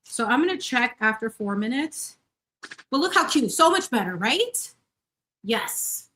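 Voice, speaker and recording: A woman in her thirties is baking in her home kitchen on a casual live stream, chatting effusively and greeting viewers by name. Her bubbly voice is on the high side, pushed and bright, with big pitch swings and an unhurried pace.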